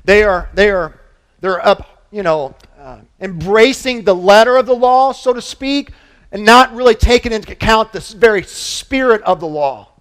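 A man preaching a sermon as pastor, conversational and animated, with frequent restarts and asides, swinging between loud emphasis and quiet low moments. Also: normal speed.

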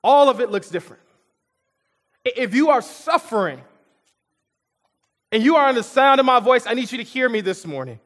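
A man's voice: very high-pitched, sing-song, a little fast, long pauses, a bit bright, big-room sound. A male pastor preaching a sermon in a church auditorium, in a conversational way with repetitions and asides to the congregation.

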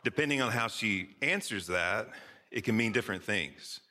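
A man preaching a sermon with an easy, conversational warmth and playful asides. His lowish voice has a bright, forceful edge. It rings out through a large church hall with a long reverb tail. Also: lively intonation, normal speed. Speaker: pastor. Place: church sanctuary.

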